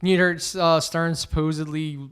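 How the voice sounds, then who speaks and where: A man's voice: fairly high pitch, little pitch movement, moderate pace, fairly bright tone, clean tone. A man co-hosting a podcast, chatting casually with frequent restarts and swearing. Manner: rambling, self-correcting, profane. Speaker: podcast co-host. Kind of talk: casual chat.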